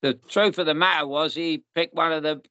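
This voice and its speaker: A man's voice: fairly high pitch, fairly even intonation, brisk, sharp tone, clean tone, dry recording, highs cut off. A man, hosting a podcast and telling long rambling stories in a casual chat. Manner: rambling, restarts and repeats, storytelling. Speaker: podcast host.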